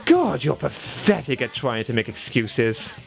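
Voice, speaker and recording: A man's voice: sing-song, a little slow, vocal fry, over music. A man in his twenties giving sarcastic, profane reaction commentary on a video he is reviewing. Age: 20s. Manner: mocking, profane, swings pitch for sarcasm.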